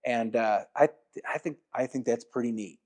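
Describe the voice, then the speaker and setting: A man with a mid-range voice hosting a podcast in a relaxed, reflective way. He muses aloud and then asks his guest leading questions. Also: medium pitch, moderate pace. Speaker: podcast host. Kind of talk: casual interview talk.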